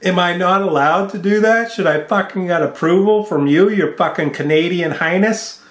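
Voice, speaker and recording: A high-voiced man from the United States rants angrily at a moderate pace, with reverberation around him. In his profane home vlog he curses and mocks someone, talking into a studio microphone and mixing board.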